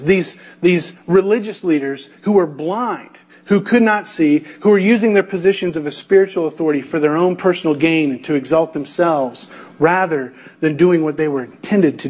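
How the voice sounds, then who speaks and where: A man's voice: fairly high pitch, darkish tone, slightly rough, muffled recording. A male pastor preaching an expository sermon, emphatic and building through repetition, checking in with the congregation.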